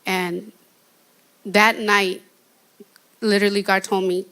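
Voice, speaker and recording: A shy woman giving an earnest, halting testimony in a church interview. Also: medium pitch, fairly even intonation, bright, forceful tone.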